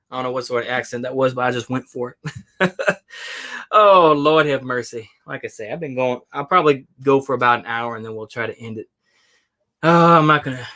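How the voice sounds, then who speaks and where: A man's voice: medium pitch, fairly bright tone. A man hosting his own channel who rants in a loose, rambling way, circling back with "you know, once again" and trailing off with sighs. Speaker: online host. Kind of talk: casual rant.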